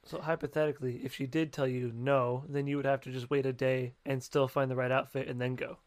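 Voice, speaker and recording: A young podcast co-host in casual chat, teasing and quick to laugh. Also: mid-range voice, little pitch movement, a little mellow.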